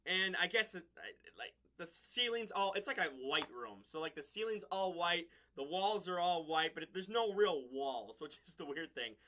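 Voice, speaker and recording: High, sharp-voiced man rambling a review. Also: animated, normal speed, few pauses. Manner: rambling, chuckles often between points. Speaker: TV episode reviewer. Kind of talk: casual episode review.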